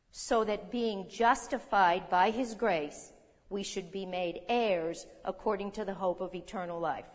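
Woman preacher, mid pitch, teaching from scripture with questions for the congregation, long hall reverb. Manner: teaching, reading scripture aloud, asking the audience questions. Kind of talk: sermon.

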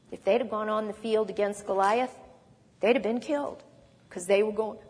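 A woman preacher in a church, giving a sermon in an animated storytelling manner with conversational asides. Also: mid-range voice, slightly rough, long reverb tail.

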